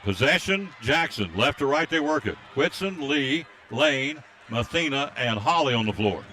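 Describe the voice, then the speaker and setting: Bright-voiced play-by-play announcer. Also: male voice, mid-range voice, no echo. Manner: rapid excited calls during fast plays, reads out listener greetings. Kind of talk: live basketball play-by-play commentary. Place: high school gym, courtside broadcast. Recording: faint crowd noise at a game.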